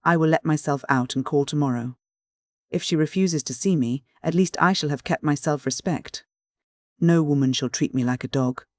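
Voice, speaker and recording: Male narrator as a wry young gentleman, measured, a little biting, dry sound. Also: on the high side, dry recording, lightly acted. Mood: restrained. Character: dignified young gentleman, wry and easily piqued.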